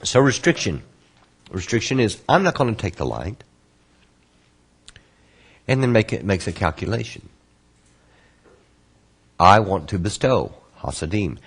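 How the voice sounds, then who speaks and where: Man, very low voice, husky, patient lesson delivery, repeats key terms slowly. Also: expressive. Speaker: Kabbalah course instructor. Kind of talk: online lesson answering student questions.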